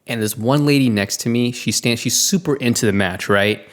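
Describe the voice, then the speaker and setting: A man's voice: mid-range voice, normal speed. A man co-hosting a podcast, telling a story in casual chat, laughing and acting out the voices of the people in it. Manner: animated, laughing, acts out quotes. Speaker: podcast co-host.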